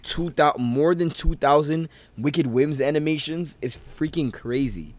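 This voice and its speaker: A man's voice: a little high, measured pace. A man doing casual, slangy commentary over a life-simulation video game. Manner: slangy, laid-back, jokey. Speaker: gaming streamer.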